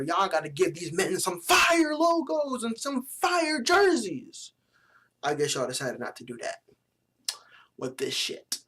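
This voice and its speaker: A man's voice: fairly high pitch, a bit bright. Blunt slangy young man ranting. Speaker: vlogger reviewing sports jerseys. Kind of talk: casual profane commentary.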